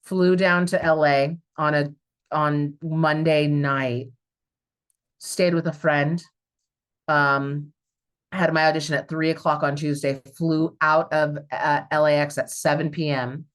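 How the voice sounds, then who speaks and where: A woman from Southern California, a stage actor, chatting as a guest and telling stories in an animated way, with many fillers. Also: low voice, takes it slowly, clear, resonant tone. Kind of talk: casual conversational storytelling.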